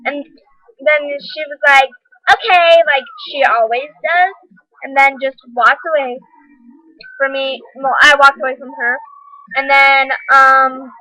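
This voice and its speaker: A woman's voice: high voice, little pitch movement, slow, sharp tone, no room sound, low-quality recording. A teenage girl rambling through a school drama story in a casual vlog, full of "like" and "um". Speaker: vlogger.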